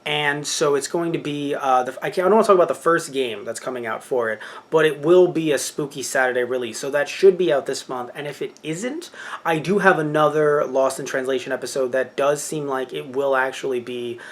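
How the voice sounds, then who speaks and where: A man in his twenties gives a casual channel update in a voice of ordinary pitch. He chats loosely and wanders off track. He often stops to correct himself mid-sentence. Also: a little fast. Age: 20s. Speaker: channel host.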